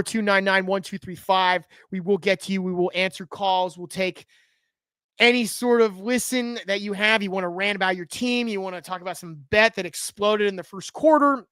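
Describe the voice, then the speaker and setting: Host type, smooth clear voice, dry close sound, jokey asides, breaks off mid-thought. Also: medium pitch, a bit bright, dry recording. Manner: joking asides, teases and self-interrupts. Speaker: show host. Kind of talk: live show chat with sponsor plugs.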